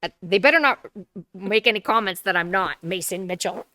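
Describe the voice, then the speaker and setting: A woman's voice: medium pitch, a little fast, sharp tone, dry recording. A middle-aged woman co-hosting a podcast in casual chat, chatty and laughing often, trailing off. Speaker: podcast co-host.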